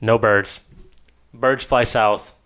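A young man co-hosting a casual chat, making crude jokes in a deadpan way. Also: lowish voice, slow pace. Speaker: podcast co-host.

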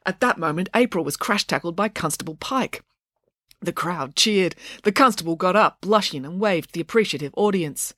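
A woman narrating a children's storybook aloud, lively and dramatic. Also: fairly low pitch, moderate pace, no room sound, clean studio sound. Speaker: audiobook narrator.

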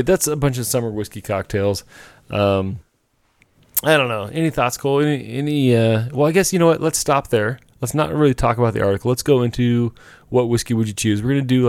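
Gravelly-voiced guy hosting a podcast, dry close sound, rambly chat. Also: medium pitch, a little mellow, dry recording. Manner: rambling, chatty, with filler words. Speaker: podcast host. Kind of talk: casual chat.

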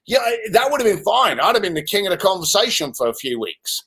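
A man in his fifties from London, with a London English accent, telling lively stories as an interview guest. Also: high-pitched, quick pace, husky. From London, England. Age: 50s. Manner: animated, swearing, laughs while telling stories. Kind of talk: casual storytelling in conversation.

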